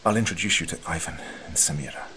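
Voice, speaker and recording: A man voicing a calm, confident squad leader who gives steady orders. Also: sits low, quick pace, background noise, lightly acted.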